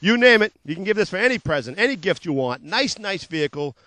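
A man hosting a local TV car sales show, pitching cars in upbeat, repetitive patter and joking about his own slips of the tongue. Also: sing-song, fast, pushed and bright, no room sound.

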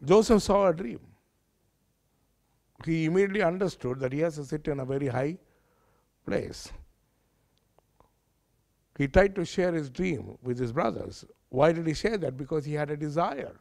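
A man's voice: fairly high pitch, lively intonation, normal speed, vocal fry, pauses often, darkish tone. Preaching man. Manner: earnest, conversational preaching with questions to the audience. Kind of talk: sermon.

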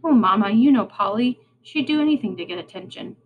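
Lady reading an earnest young girl, kinda pleading, light high voice, storybook. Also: animated, a little fast, phone-quality sound, slight background noise, lightly acted. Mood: defensive. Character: earnest young girl, patient but stung.

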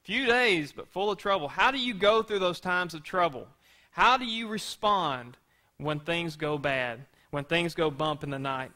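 A pastor delivers a sermon in an easy, conversational way and keeps asking the congregation rhetorical questions. His voice is bright and forceful and sits a little high. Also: measured pace.

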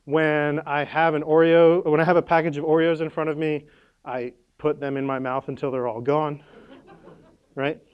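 A man's voice: fairly high pitch, level tone, normal speed, smooth, muffled recording. A man presenting at a conference workshop, casual and playful, with lots of "like" and "right?" and the odd sound effect.

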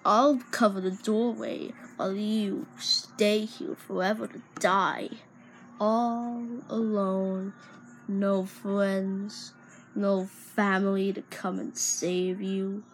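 A woman's voice: medium pitch, little pitch movement, takes it slowly, a little hiss or hum. A woman playing a cruel knife-happy villain boss. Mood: mocking. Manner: menacing, mocking threats. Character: cruel stabbing villain boss, threatening and bossy.

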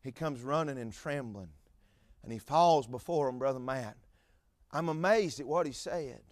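A man's voice: mid-range voice, moderate pace, no room sound, studio quality. A man preaching a fervent sermon with repetitive phrasing and stammered fillers.

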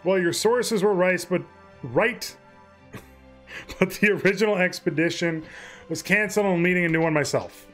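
Wary young adventurer woman, guy reading her lines, high-ish voice. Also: normal speed, long pauses, fairly bright tone, soft background music. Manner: read aloud from game text.

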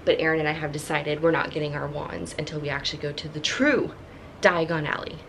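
A chatty young woman hosting a casual travel vlog, excitable and quick to laugh. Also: low-pitched, background noise. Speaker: vlogger. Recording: music playing under the voice.

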